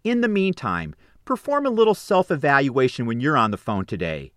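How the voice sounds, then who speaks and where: A man's voice: medium pitch, wildly swooping pitch, normal speed, no room sound, studio quality. Upbeat man reading business tips. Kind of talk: scripted narration of tips.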